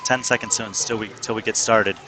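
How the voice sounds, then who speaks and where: A man giving steady, informative play-by-play commentary on a fitness competition broadcast. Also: fairly low pitch, fairly quick. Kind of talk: sports commentary. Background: music and crowd.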